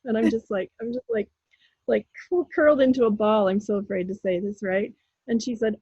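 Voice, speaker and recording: A woman guest on an interview show, telling a story in a casual, animated way and acting out her own pleas and the words of others. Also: medium pitch, moderate pace, breathy edge, no echo, muffled recording. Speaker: guest, intuitive healer.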